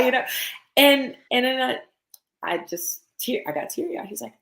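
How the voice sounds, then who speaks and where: A woman's voice: high voice, expressive, moderate pace, creaky, fairly bright tone. A woman in her thirties, a guest poet, talking candidly and chattily in a podcast conversation. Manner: candid, chatty, laughs often. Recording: roomy echo.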